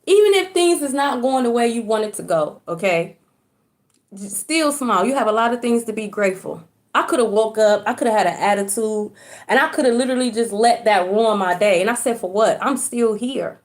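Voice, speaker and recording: A woman's voice: fairly high pitch, animated, a little fast. A woman giving a casual livestream spiritual reading, chatty and colloquial, often checking in with "okay?" and cursing casually. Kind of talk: casual livestream talk to viewers. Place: at home, indoors.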